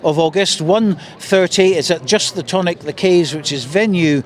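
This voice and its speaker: Chatty guy interviewing people out on a busy street, high voice, plugging shows. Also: moderate pace. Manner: chatty, jokey, plugs show times. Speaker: radio presenter interviewing performers.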